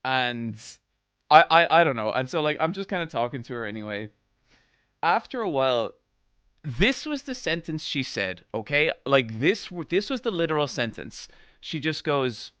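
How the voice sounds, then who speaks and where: A man streaming live, telling a funny story to his chat in a casual, animated way, laughing and quoting others. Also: fairly high pitch, normal speed, clean tone, no echo. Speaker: streamer host.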